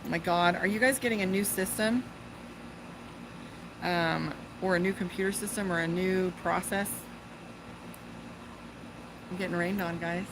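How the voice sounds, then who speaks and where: Her voice is on the low side and steady, moving at a measured pace with long pauses, and the background is noisy. This Las Vegas tarot reader and psychic is doing a casual outdoor livestream reading by a pool, chatty and swearing freely, with breaks to talk to her dog.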